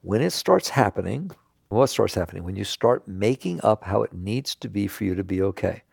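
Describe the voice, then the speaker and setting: A man giving an earnest spiritual talk to an audience, now and then laughing and jumping up in pitch for emphasis. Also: animated, normal speed, creaky, a little mellow, husky, no echo, clean studio sound. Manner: earnest, laughs and jumps high when emphatic. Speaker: spiritual teacher.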